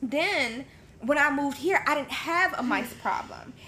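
A woman joins a podcast as a guest and tells stories in loose, profane talk. Her voice is high and bright, and her pitch swings widely from phrase to phrase. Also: animated, measured pace, a little hiss or hum. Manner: casual, profane storytelling. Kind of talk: casual chat.

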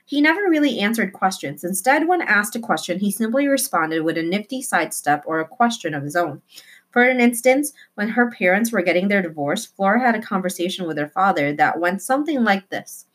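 A woman reading a children's novel aloud with expressive delivery, slowing down for emphasis. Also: mid-range voice. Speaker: reader.

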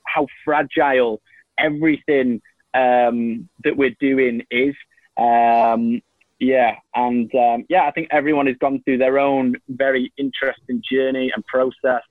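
A man's voice: mid-range voice, no echo. A man from England giving long casual answers as an interview guest, full of restarts and fillers, over a video call. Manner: rambling, many restarts and fillers. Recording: tinny phone-like line, dry.

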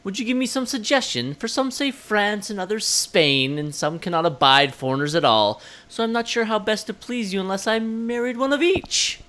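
A man doing a high, mock-regal impression of a sharp-witted young queen while quoting a film. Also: expressive, moderate pace, hardly any pauses, a little hiss or hum. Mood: teasing.

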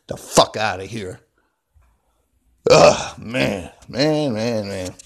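A man's voice: lowish voice, animated, very slow, creaky. A man ranting angrily and off the cuff at home, swearing constantly and rambling into his phone. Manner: angry, heavily profane, rambling. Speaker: vlogger. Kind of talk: unscripted profane rant. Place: indoors at home, seated.

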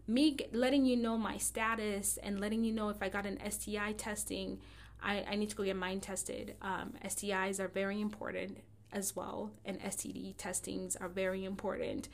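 A woman's voice: medium pitch, little pitch movement, normal speed, gravelly. A woman giving a blunt, impassioned and profane monologue straight to her listeners.

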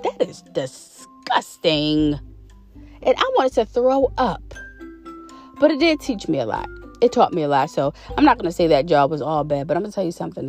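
Chatty woman vlogger with faint music. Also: on the low side. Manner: chatty, animated, drawn-out emphasis. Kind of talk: casual chat to viewers.

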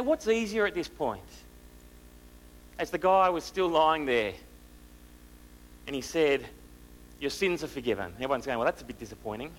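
A man preaching a sermon, asking the listeners rhetorical questions and moving between loud and hushed delivery. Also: a little high, a little hiss or hum, low-quality recording.

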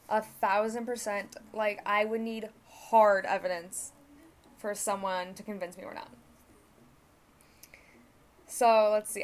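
A young woman hosting a solo podcast, rambling through casual stories with lots of filler words and swearing. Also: mid-range voice. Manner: self-correcting, conversational storytelling. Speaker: podcast host.

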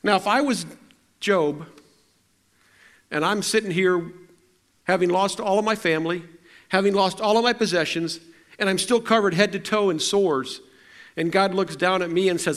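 High-voiced preacher telling stories. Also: male voice, moderate pace, long pauses. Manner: conversational and self-deprecating, with frequent restarts. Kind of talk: storytelling sermon.

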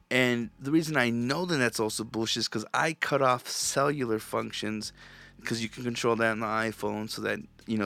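A man hosts his own podcast alone, launching into a loose, rambling, profane rant with frequent restarts in a conversational style. His mid-range voice has a creaky quality and a sharp tone.

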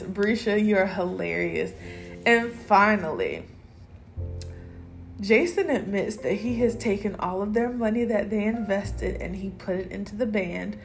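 Blunt woman podcaster with vocal fry. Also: medium pitch. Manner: candid, opinionated, slangy. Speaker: podcast host. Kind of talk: casual solo recap chat.

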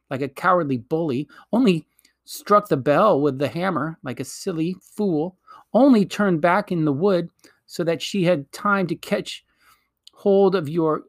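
A man reading aloud, voicing a prim, sharp-tongued young English girl in a storybook. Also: mid-range voice, no echo, studio quality, natural voice. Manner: sharp, sarcastic, proper schoolgirl speech.

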